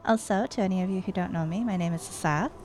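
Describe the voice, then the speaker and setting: A woman streamer chatting casually and excitedly with her viewers. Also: fairly low pitch, fast, background noise. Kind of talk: casual live-stream chat.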